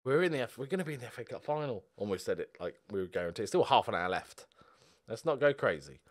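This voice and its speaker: A young man giving a football video game live commentary, excitable and sweary, moving between quiet muttering and loud outbursts. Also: mid-range voice, fast. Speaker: gaming video host.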